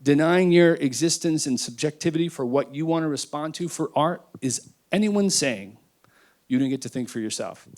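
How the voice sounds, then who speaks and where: A man's voice: fairly high pitch, expressive, normal speed. Impassioned man speaking on a panel. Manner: emphatic, emotional, swings between loud and quiet.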